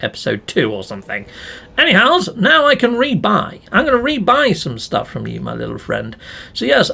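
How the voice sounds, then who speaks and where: Playful man with a gravelly voice. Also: on the high side, a bit bright. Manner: playful, mild swearing, chatty to viewers. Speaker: let's play gamer. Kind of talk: casual game commentary.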